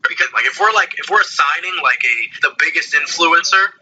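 Male podcast guest, very bright, forward tone with a husky edge, earnest and explanatory. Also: a little high, a little fast, poor audio. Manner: earnest, explaining at length with fillers. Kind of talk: casual podcast chat.

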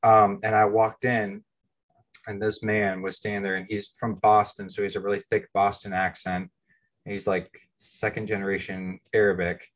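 A man's voice: fairly low pitch, level tone, moderate pace. An American man in his thirties, co-hosting a podcast and telling his own story in a candid, self-deprecating, plain-spoken way. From United States. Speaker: podcast co-host. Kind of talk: casual personal storytelling.

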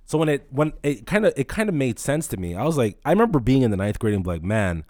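A man's voice: mid-range voice, big pitch swings, fast talker, a little mellow, no room sound, studio quality. A man in his late twenties, a podcast host, telling a rambling, profane story in casual talk.

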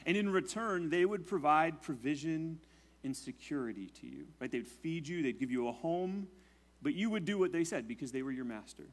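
A male pastor preaching a sermon in a conversational way, often checking in with "right?" and praying in a hushed voice. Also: animated, normal speed. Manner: prays in a low, hushed voice.

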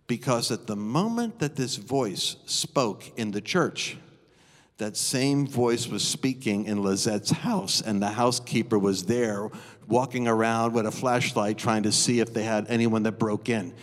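A middle-aged man preaching live in a church, telling stories with animated, dramatic flair. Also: lowish voice, unhurried. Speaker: guest preacher. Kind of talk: live sermon storytelling. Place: church auditorium. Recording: long reverb of a church hall.

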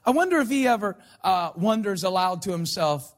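A man's voice: high-pitched, animated, fairly quick. A man preaching a sermon in a conversational, sarcastic way, teasing everyday prayer habits. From United States. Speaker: pastor.

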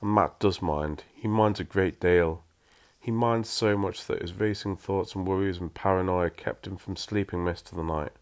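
A man's voice: low voice, moderate pace, hardly any pauses. A man reading a story aloud, breaking off for wry, self-mocking asides.

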